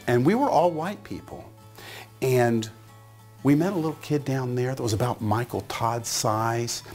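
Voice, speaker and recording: A middle-aged man giving a motivational talk, telling a story in an animated way and acting out the voices in it. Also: on the low side. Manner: animated, acts out voices in his stories. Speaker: motivational speaker.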